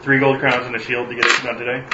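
A man's voice: medium pitch, level tone, fast, highs cut off, very noisy. A man playing in a tabletop game, bargaining cheekily and joking with the group. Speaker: player. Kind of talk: casual tabletop banter. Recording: roomy room sound.

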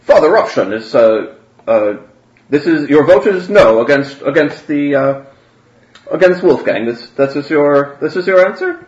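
A man voicing a formal high cleric presiding over a vote, asking halting questions. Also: animated. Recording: roomy, dull, faint noise.

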